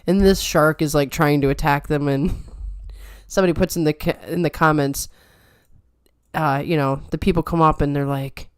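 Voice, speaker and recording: A woman with a low, smooth and resonant voice chats casually with a co-host, drifting into giggly stories. The sound is dry and close to the mic. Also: steady tone, normal speed, no echo. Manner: chatty, giggly storyteller. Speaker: podcast co-host. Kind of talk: casual chat.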